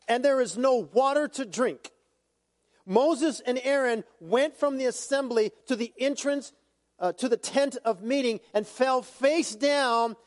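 High-voiced preacher in a reverberant hall. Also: male voice. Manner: conversational preaching with asides and humor. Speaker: pastor. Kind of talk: sermon.

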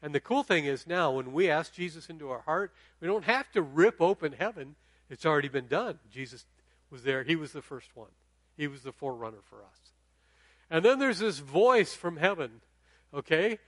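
A man's voice: on the high side, lively intonation, a little fast, fairly bright tone, no echo. A middle-aged man preaching a sermon in a conversational way, often checking in with the audience. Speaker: pastor.

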